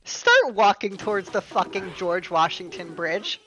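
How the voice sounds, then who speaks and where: A woman's voice: mid-range voice, moderate pace, few pauses, a bit bright, poor audio. A sarcastic, swearing young woman telling a story. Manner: sarcastic, profane, exasperated. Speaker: storytime streamer. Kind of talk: storytime vlog.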